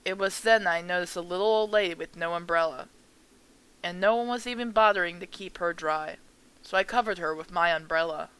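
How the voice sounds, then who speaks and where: A woman streamer reading visual novel dialogue aloud in a calm, measured way. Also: lowish voice, clear, resonant tone, rough recording.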